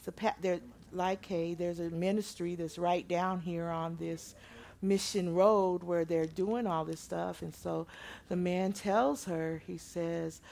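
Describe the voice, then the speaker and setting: A woman preaching a sermon, moving from loud proclaiming to quiet storytelling. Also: on the low side, fairly even intonation, takes it slowly, gravelly.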